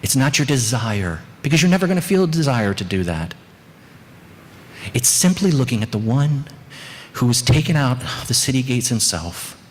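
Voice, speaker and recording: A man preaching a sermon as pastor of a small church, earnest and candid with joking asides. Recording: long church reverb, faint rumble.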